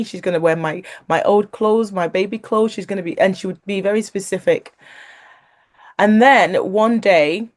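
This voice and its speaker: A woman, a guest sharing a personal faith story, who talks animatedly, laughs along the way and acts out what others said. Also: mid-range voice. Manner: animated, acts out quoted voices; laughs while talking.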